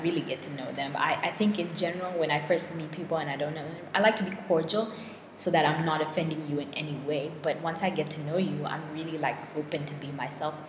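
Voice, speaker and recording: A young woman in a casual vlog monologue, chatty and self-deprecating, full of fillers and restarts. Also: low voice. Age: young adult. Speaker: vlogger. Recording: echoey room with long reverb and clear noise.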